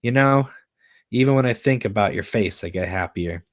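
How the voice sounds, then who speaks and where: A man reading the part of a restless, troubled teenage girl with a halting, wry delivery. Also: lowish voice, dry recording, clean studio sound, natural voice.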